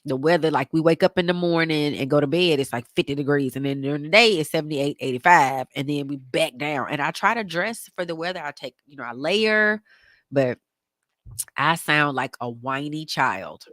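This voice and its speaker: A woman's voice: deep voice, normal speed, fairly bright tone, no room sound, studio quality. A woman co-hosting a casual podcast, stuffy and congested from a cold, playful and jokey. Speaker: podcast co-host. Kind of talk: casual chat.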